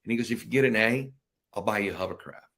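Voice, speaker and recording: On a podcast, a middle-aged veteran guest tells stories in a fast, slightly bright voice on the low side. It's a casual storytelling interview, and he brings it to life by mimicking his relatives' voices.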